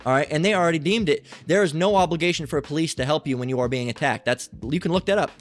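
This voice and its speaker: A Las Vegas-based man who hosts a commentary channel rants angrily at a clip, swearing constantly and often restarting. He talks at a quick pace in a fairly high voice.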